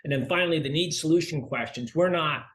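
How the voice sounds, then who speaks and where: A middle-aged man, a sales consultant being interviewed, who talks in a lively way and acts out dialogue while telling stories. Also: on the high side, fast. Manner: animated storyteller, acts out dialogue. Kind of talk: conversational interview.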